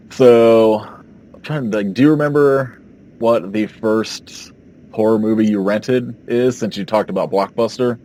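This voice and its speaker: A man's voice: fairly low pitch, measured pace, pauses often, a little mellow. A man co-hosting a podcast in casual chat, rambling and hesitant as he recalls things. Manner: rambling, hesitant, full of "like" fillers. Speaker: podcast co-host.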